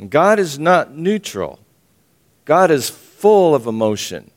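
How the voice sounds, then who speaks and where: A man preaches a sermon teaching from the Bible, emphatic and repeating his phrases, frequently clearing his throat and chuckling. His voice is a little high, sing-song and slow.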